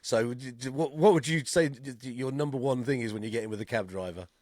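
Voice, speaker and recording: An English man co-hosting a casual podcast, chatting with an easy, mid-pitched voice and laughing often. He swears freely and tells stories in a loose, conversational way. His voice sounds close and dry, with no room around it. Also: quick pace, darkish tone, no echo. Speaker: podcast co-host. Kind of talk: casual chat.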